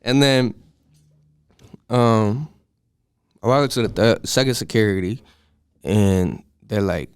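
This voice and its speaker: 18 yo guy spinning a wild story, smooth voice, super dry sound, does all the voices. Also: lowish voice, takes it slowly, long pauses, no room sound. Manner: animated, profane, acts out voices in his story. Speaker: podcast guest. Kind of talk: casual storytelling.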